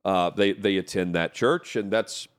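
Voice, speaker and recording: Low-voiced male radio co-host. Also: measured pace, a little hiss or hum. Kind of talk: casual sports radio chat and live ad read.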